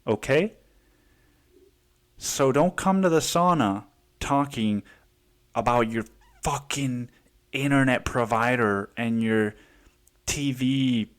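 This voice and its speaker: A Mexican man hosts a casual solo podcast, rambling and swearing freely as he tells stories about his day, quoting voices along the way. His medium-pitched voice is slow, with frequent pauses.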